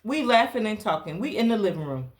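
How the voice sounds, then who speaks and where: A young woman from the South Carolina Lowcountry spins a candid story for her podcast, her voice leaping high and dropping low as she gets into it. She sits at a mid-range pitch for a woman and speaks casually, with plenty of dramatic emphasis. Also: very animated, a little fast. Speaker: podcast host.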